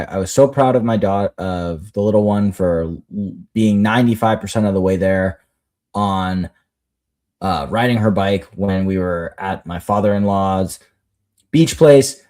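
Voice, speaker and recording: A man in his thirties with an American accent, co-hosting a casual podcast and telling expressive stories about his daughters. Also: unhurried. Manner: expressive storyteller, swings high when quoting, laughs easily. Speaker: podcast co-host. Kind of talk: casual chat.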